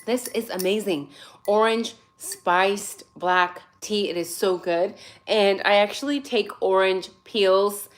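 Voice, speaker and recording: Speaking slowly in a mid-range voice, this forties-aged livestream host chats from her phone in English, which isn't her first language. She's sassy and talkative, calls out viewers by name, and sounds worn out yet fueled by caffeine.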